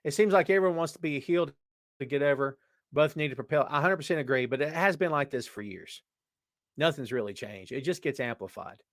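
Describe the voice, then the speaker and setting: A man hosting a live wrestling podcast, chatting casually and reading out viewer comments in an animated way. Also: on the high side, a little fast, dry recording, clean studio sound. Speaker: podcast host. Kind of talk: live-chat wrestling talk.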